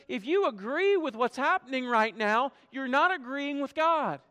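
Pastor, male, high-pitched, passionate sermon delivery, long hall reverb. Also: lively intonation, moderate pace, hardly any pauses. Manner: impassioned, acts out quoted voices, drops to quiet emphasis.

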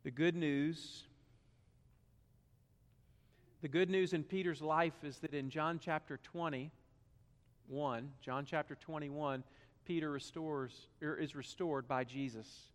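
A man with a Southern US accent from South Carolina preaching a sermon, swinging from hushed, low passages to loud, emphatic rhetorical questions. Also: steady tone, slow, long reverb tail. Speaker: pastor.

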